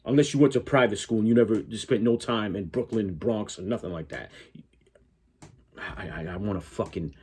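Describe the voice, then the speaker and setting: Man, Connecticut accent, reaction commentary, blunt and profane, low husky voice. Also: a little fast, a little mellow. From Connecticut, USA. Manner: blunt, profane, talks back at the clip. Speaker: reaction YouTuber.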